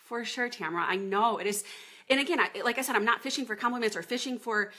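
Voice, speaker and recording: A woman's voice: on the high side, fast, pushed and bright. A woman in her thirties, a fitness coach chatting casually on a live video from her home office, greeting viewers by name as she talks.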